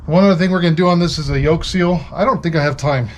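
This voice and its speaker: Joking mechanic man, somewhat high voice. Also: fast, slight background noise. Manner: joking, playful asides. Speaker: mechanic host. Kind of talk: casual talk while working. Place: garage.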